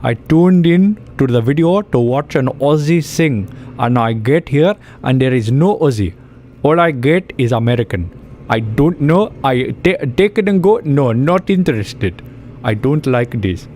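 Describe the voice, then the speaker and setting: A man's voice: mid-range voice, animated, measured pace, darkish tone, a little hiss or hum, pitched above the performer's own voice, lightly acted. A man voicing a grumpy male viewer who rants dismissively and indignantly.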